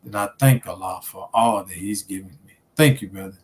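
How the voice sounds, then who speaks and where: A man, a student minister, talking as a guest in a casual storytelling interview, relaxed and conversational with many fillers. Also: low voice, a little fast.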